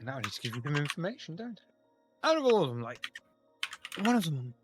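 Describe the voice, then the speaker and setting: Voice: mid-range voice, sing-song, fast, music in the background. A game master narrating a tabletop horror game in a casual, joking way.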